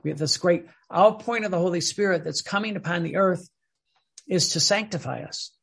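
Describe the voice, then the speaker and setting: A man's voice: high voice, fairly quick, gravelly, fairly bright tone, husky. A man giving an earnest religious teaching, often repeating and restarting his words. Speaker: preacher.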